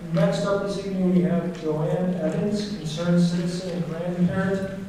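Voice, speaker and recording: A man's voice: fairly high pitch, warm tone. A man moderating a school board meeting, formally calling each speaker by name. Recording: very echoey hall, distant mic, noisy.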